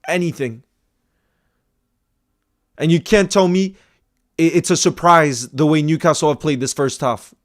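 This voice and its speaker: Exasperated fan ranting, higher-pitched man. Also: a little slow, long pauses. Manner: exasperated, swings from loud outbursts to low muttering; repeats himself, stammering restarts. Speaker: football fan channel host. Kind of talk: live match reaction rant.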